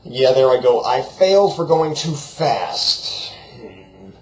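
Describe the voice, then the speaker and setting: A man's voice: mid-range voice, expressive, takes it slowly, a little mellow. Rambling young man in an echoey room. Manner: jokey, rambling, off-the-cuff. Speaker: vlogger. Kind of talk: rambling casual vlog. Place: his room at home, at a computer. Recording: roomy echo, faint background noise.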